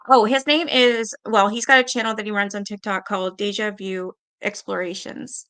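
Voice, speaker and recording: A woman hosting a live-stream panel, chatting casually and reading viewer comments aloud with quick asides. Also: mid-range voice. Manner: chatty, animated, quick asides and little laughs.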